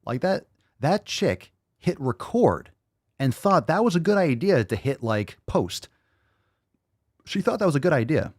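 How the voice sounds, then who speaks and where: A man's voice: fairly high pitch, very animated, a little slow, a little mellow, no room sound, studio quality. A man hosting a podcast, ranting casually with heavy swearing and repeating phrases for emphasis. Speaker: podcast host.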